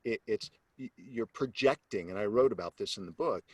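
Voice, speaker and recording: A man, a sales coach, telling a personal story as an interview guest, animated and acting out the voices of the people in it, then turning low and earnest to make his point. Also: moderate pace, breathy edge, no room sound. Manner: animated storyteller who acts out quoted voices; drops to a low, earnest tone when making a point.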